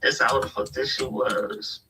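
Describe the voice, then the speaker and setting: A man tells gossip in a loud, profane way and acts out the other people in the story. His voice is bright and sharp. He sits away from the mic, and a faint hiss runs under him. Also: medium pitch, a little slow. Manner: animated, profane, quotes others in raised voice. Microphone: video call. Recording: distant mic with faint noise.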